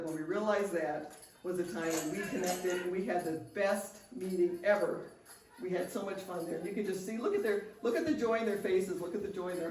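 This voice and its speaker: A woman's voice: fairly low pitch, a little mellow. Older woman giving an earnest seminar talk. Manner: earnest, personal, frequent restarts. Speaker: seminar speaker. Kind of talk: seminar talk with personal stories. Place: seminar room. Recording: echoey room, distant mic.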